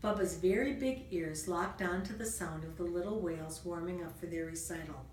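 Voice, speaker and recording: A woman reading a children's storybook aloud in a gentle, expressive storytelling manner. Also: on the low side, normal speed. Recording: roomy room, distant mic, faint noise.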